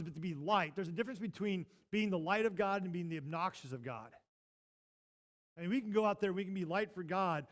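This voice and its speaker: A man preaching a sermon as pastor, telling a story in a lively way that jumps from loud bursts to hushed asides. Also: high-pitched. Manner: animated, swings from loud to hushed. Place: church sanctuary.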